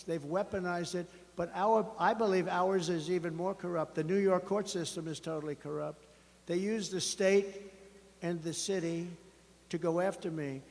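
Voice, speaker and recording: A man giving a campaign rally speech as a politician, rambling and emphatic, often repeating himself. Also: sits high. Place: large rally venue. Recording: long hall reverb at a big rally.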